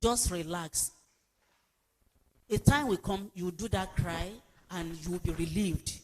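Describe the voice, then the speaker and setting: A woman's voice: fairly low pitch, slow pace, slight background noise. A woman giving a sermon-like counselling talk, repeating her exhortations emphatically. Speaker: pastor and speaker. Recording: long hall reverb.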